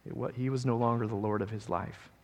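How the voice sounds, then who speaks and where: A man's voice: medium pitch, steady tone, fast, in a large hall. A man pastor preaching a sermon in a conversational way, often checking in with the congregation. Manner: conversational preaching, frequent "right?" asides.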